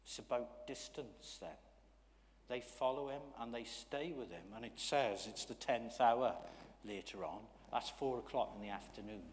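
A man preaching a sermon in a church, talking conversationally, checking in with the congregation and swinging from loud emphasis to hushed asides. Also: medium pitch, normal speed, long reverb tail, slight background noise.

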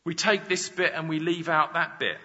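A man's voice: fairly high pitch, fairly even intonation, moderate pace, bright, forceful tone. A man preaching a sermon, explaining Scripture with examples and rhetorical questions. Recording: dull sound with long reverb in a large hall.

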